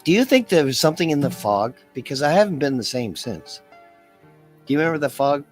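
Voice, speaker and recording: A man's voice: on the high side, sing-song, brisk, faint music behind. A man from Canada hosting a podcast, easygoing and affirming in casual talk, his voice worn. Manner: easygoing, affirming, laughs often. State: voice worn, losing it. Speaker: podcast host.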